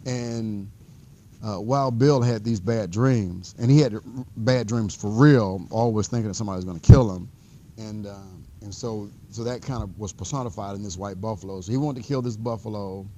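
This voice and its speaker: A male math instructor lecturing in a classroom with a lowish, mellow voice. His delivery is loose and conversational, full of restarts and fillers as he wanders through a story. A faint hiss sits under the recording. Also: normal speed. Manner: relaxed conversational teaching.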